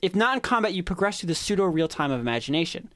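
A man's voice: sits high, very animated, quick pace, no room sound. A man hosting a tabletop-game podcast and running its game, reading listener letters aloud with asides and restarts on a close mic. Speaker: podcast host and game master. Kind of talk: reading listener mail, casual chat.

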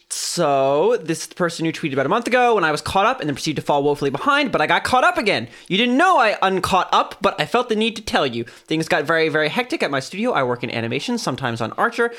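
Lady podcast host reading fan mail, bright voice, swoops up and down a lot. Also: on the low side. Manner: animated, laughing, reads letters aloud. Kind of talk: casual chat.

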